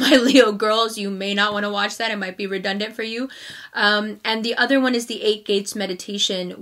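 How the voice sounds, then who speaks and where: A woman's voice: mid-range voice, a bit bright. A woman tarot reader talking casually and effusively to her viewers, laughing often and getting emotional. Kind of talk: casual direct-to-camera talk.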